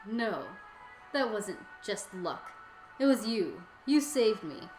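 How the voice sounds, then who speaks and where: A woman reading the lines of an earnest, self-doubting young male hunter from a game, in a soft, hesitant way. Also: mid-range voice, expressive, slow. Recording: echoey room with game music.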